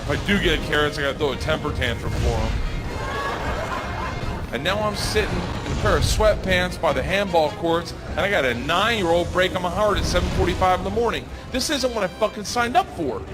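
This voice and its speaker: A man doing stand-up, telling a story in an animated, profane way and acting out the scenes. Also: high-pitched, a little fast, a loud crowd, low-quality recording. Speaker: comedian. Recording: loud music over the voice.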